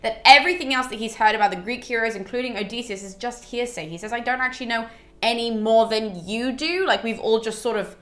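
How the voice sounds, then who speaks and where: Young female educator, quick and bright-pitched, casual gossipy retelling. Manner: gossipy, animated retelling with mild swearing. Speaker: literature educator. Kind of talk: casual chatty book summary.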